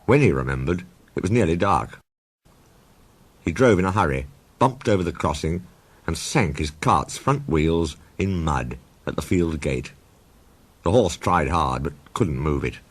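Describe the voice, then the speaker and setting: A man narrating a storybook in a measured, expressive reading voice. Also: extremely low pitch, slightly rough.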